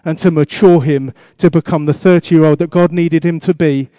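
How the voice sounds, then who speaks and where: A man's voice: fairly high pitch, steady tone, moderate pace, mellow, dry recording, clean studio sound. A man preaching a sermon as pastor, asking the congregation questions and repeating his exhortations.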